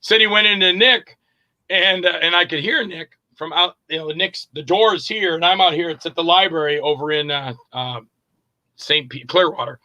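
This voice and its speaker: Man, middle-aged, interview guest, animated storyteller, high voice, very bright tone. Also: moderate pace, no room sound, muffled recording. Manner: animated, acts out quoted voices in his anecdotes. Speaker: guest actor and director.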